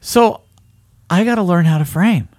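A man co-hosting a podcast, telling a story in an animated, casual way with lots of fillers and "right?". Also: high-pitched, moderate pace, no room sound, studio quality. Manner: animated, keeps asking "right?", frequent fillers. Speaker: podcast co-host.

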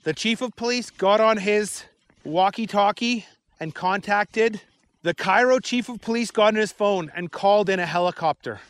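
A man's voice: high voice, moderate pace, fairly bright tone, dry recording. Man reading a story aloud.

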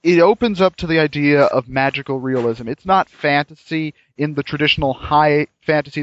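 A man's voice: fairly high pitch, moderate pace, hardly any pauses, fairly bright tone. A man chatting casually and enthusiastically about a game, rambling with frequent restarts, on dull lo-fi audio. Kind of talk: casual chat reviewing a game.

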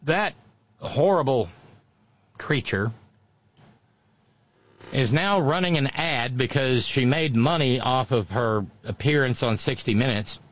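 A man holds forth in opinionated political commentary, scornful and sarcastic, full of name-calling. His voice sits at an ordinary middle pitch. The recording sounds muffled and lo-fi. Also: takes it slowly, long pauses, a bit bright.

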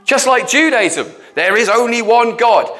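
High-voiced blunt male preacher. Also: unhurried, faint music behind. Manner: blunt, animated, acts out quoted voices. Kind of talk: sermon.

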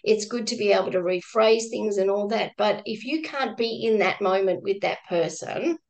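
Halting woman telling a story. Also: medium pitch, a little mellow, low-quality recording. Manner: halting, many restarts and fillers, laughs while telling. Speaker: guest, former crisis-line volunteer. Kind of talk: reflective storytelling in conversation.

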